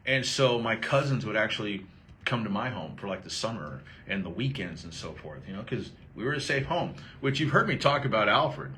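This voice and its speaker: A middle-aged man from Texas hosting a show, telling stories in a casual, animated way and acting out quoted voices. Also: on the low side, a little fast, a little hiss or hum. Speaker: host. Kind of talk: casual storytelling chat.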